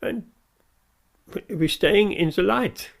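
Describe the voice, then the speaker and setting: A man's voice: sits high, slow pace, gravelly. A man giving a devotional sermon, earnest and emphatic, repeating his key phrases. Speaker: preacher.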